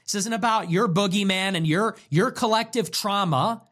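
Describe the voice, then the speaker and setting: A talk show host in a heated monologue, talking in an animated, profane and emphatic way and repeating phrases for emphasis. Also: medium pitch, moderate pace.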